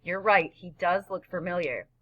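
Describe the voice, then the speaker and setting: A woman's voice: fairly low pitch, normal speed, recorded from a distance, natural voice. A woman voicing a menacing male biker gang boss who gives curt, threatening orders, on a dull lo-fi recording.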